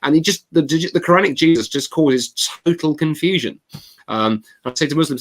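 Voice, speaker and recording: A man speaking as a guest author in an interview, telling a story in an animated, emphatic way. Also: a little high, moderate pace. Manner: animated, acts out quoted voices; emphatic, expressive. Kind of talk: conversational storytelling.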